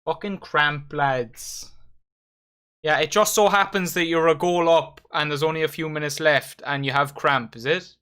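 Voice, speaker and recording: A young man giving excitable, sweary live commentary while hosting a football watchalong. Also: a little high, unhurried, clean tone. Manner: excitable, swearing, addresses viewers as lads. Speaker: watchalong host.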